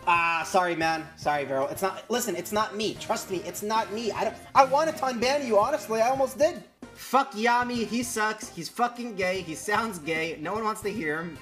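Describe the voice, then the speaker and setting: A man's voice: high voice, normal speed, fairly bright tone, soft background music. A young man streaming casually, laughing often and swearing as he chats with viewers. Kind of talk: casual livestream chat.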